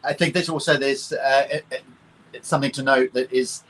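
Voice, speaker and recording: A man's voice: mid-range voice, steady tone, fairly quick, a bit bright, a little hiss or hum, rough recording. British man explaining thoughtfully. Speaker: actor, interview guest. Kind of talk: conversational interview.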